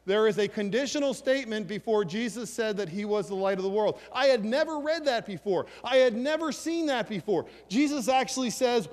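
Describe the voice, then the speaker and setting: A man preaches with energy, reading verses and asking his listeners questions. His voice sits fairly high. The sound rings with a long hall reverb. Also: fairly quick, hardly any pauses. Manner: animated preaching, reads scripture aloud, asks the congregation questions. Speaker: pastor. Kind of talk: sermon.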